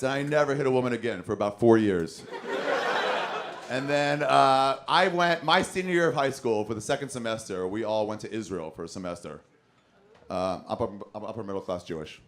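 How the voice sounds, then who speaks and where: A man doing stand-up comedy, telling a long, profane story on a club stage and acting out the voices of the people in it. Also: mid-range voice. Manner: profane, animated, acts out quotes.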